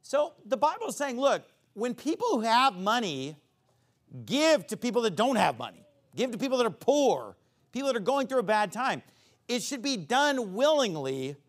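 A man preaching a sermon, reading Bible verses and explaining them in plain everyday talk. He climbs high and loud for emphasis, then drops low to explain. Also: sing-song, normal speed.

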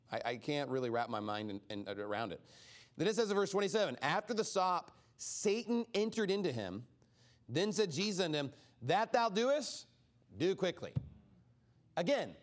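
High, lively male Bible teacher. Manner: animated, acts out quoted speakers; casual, many "like" fillers. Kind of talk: informal Bible study sermon.

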